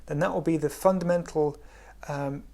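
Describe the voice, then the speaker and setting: A man giving a spiritual talk in a gentle, unhurried way, often dropping to a hush. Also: fairly high pitch, steady tone, vocal fry. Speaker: spiritual teacher.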